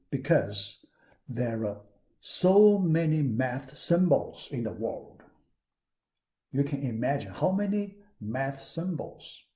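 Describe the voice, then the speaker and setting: Man, university lecturer, slow, mellow, lively intonation, repeats words, many fillers. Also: medium pitch. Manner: halting, frequent "yeah" and "all right" fillers; repeats key words for emphasis. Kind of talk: recorded classroom lecture.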